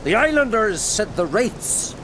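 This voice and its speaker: A man's voice: high-pitched, sing-song, measured pace, noisy background. An actor voicing a learned old male druid who speaks in a formal, old-fashioned way, with heavy rain in the background. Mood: earnest. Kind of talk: video game dialogue. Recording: game audio with loud rain.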